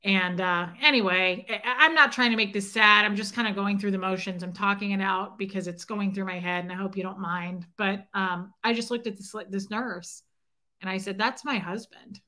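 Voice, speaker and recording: Bright-voiced woman rambling on a livestream. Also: medium pitch, steady tone, normal speed. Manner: rambling storytelling with restarts, answering chat by name. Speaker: livestream host. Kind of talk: emotional casual livestream talk.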